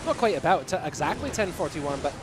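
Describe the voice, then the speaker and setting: A man doing a put-on Scottish accent while casting an esports match live, excitable and teasing. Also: fairly high pitch, fast, over music. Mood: playful. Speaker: esports caster.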